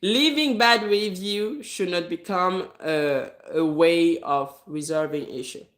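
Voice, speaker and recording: A woman's voice: fairly low pitch, takes it slowly. A woman who runs a business, talking straight to viewers in a casual advice monologue. She is direct and emphatic, repeats her key points, and laughs lightly between them. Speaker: business owner giving advice; hair braider.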